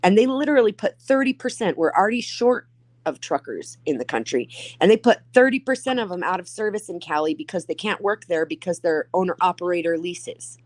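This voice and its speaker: A woman's voice: on the low side, expressive, brisk, darkish tone, no echo. A middle-aged woman in a casual chat, earnest and explaining things at length. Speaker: guest in a chat.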